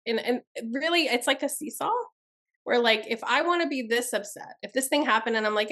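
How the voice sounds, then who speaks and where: A woman's voice: on the high side, a little fast, sharp tone. Blunt, emphatic woman therapist. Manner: emphatic, blunt, talks through examples. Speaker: trauma therapist guest. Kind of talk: podcast interview.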